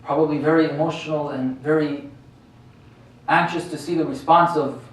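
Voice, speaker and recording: A man preaching in a strongly echoing prayer hall, his voice fairly high for a man and a little distant from the microphone, with faint noise underneath. He talks to the congregation in a conversational way and keeps checking in with them through rhetorical questions. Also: steady tone, moderate pace. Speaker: sheikh giving a religious lecture. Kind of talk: sermon.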